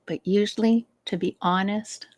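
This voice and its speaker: In a live advice session, a middle-aged woman speaks as a stress management coach, calm and unhurried, breaking into easy laughter. She has a medium-pitched voice and a steady tone.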